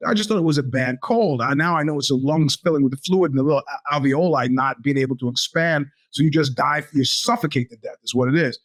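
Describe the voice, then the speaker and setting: Animated storytelling man in his fifties. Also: on the high side. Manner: animated, acts out quoted voices. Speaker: podcast host. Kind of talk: storytelling monologue.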